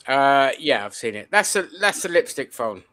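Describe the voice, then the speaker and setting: A man's voice: medium pitch, very animated, moderate pace, a bit bright. A man in casual podcast banter, making crude, provocative jokes. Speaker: podcast co-host.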